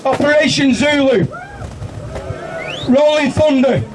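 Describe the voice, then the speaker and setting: A man's voice: extremely high pitch, slow pace. A man rousing a protest crowd and announcing upcoming marches outdoors. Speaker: rally compere. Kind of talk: addressing a crowd. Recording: distant outdoor mic with noise.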